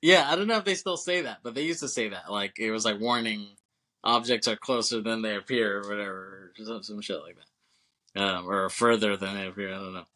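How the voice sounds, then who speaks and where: A man with a bright, forward voice chats casually on a movie podcast. He laughs often, swears freely and acts out bits of the film as he retells it. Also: lowish voice, brisk. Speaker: podcast co-host.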